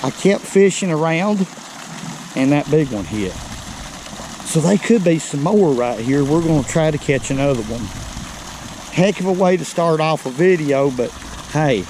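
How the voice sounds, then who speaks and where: Winded older man, slow folksy drawl. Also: a little high, darkish tone, slight background noise, low-quality recording. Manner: folksy, chatty, talks straight to viewers. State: out of breath. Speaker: fishing vlogger. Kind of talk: casual outdoor vlog. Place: outdoors on a creek bank. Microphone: body-worn camera.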